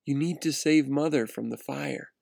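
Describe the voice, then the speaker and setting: A soft, gentle angel sister, as a male reader voices her. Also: a little high, normal speed, creaky, no room sound, clean studio sound. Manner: soft, calm, urging. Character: gentle angel sister, a young girl spirit. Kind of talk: read-aloud storytelling.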